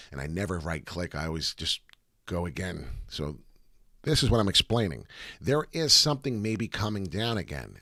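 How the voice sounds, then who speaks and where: A man hosting a live crypto chart commentary, excitable, profane and rambling. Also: on the low side, no echo, studio quality. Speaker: crypto chart analyst, channel host.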